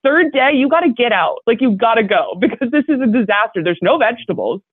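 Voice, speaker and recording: Animated young woman on a tinny line. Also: a little high, fast, slightly rough, no room sound. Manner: animated storytelling with frequent laughs. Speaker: guest. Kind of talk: casual podcast chat. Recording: dry, tinny phone-like line.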